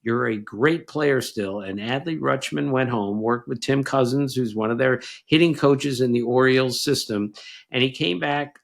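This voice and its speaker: An older man with a nasal voice, mid-pitched and ordinary in tone. He chats casually on a podcast, teasing and quizzing his son before reeling off numbers. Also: moderate pace, creaky. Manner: teasing, quizzing, rattling off stats. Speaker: podcast co-host, baseball writer.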